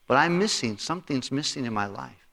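A preacher voicing an unhappy restaurant owner. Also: male voice, mid-range voice, animated, fairly quick, creaky, bright, forceful tone, in a large hall, pitched above the performer's own voice, full character voice. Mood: despairing. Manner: pleading, repetitive lament. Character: troubled middle-aged male restaurant owner, searching.

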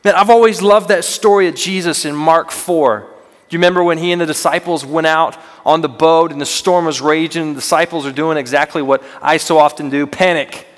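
A man's voice: a little high, steady tone, a little fast. A young man preaching a sermon as a student minister, earnest and conversational with self-deprecating humor. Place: church sanctuary. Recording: long reverb of a large hall.

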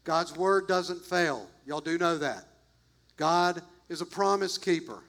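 A man's voice: fairly high pitch, takes it slowly, fairly bright tone. A man preaching a sermon as pastor, emphatic and repetitive, talking straight to his congregation.

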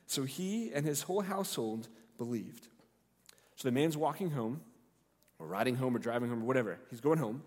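A man's voice: mid-range voice, expressive, moderate pace, darkish tone. A male pastor preaching a sermon, retelling the story expressively and acting out the characters' lines. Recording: long hall reverb.

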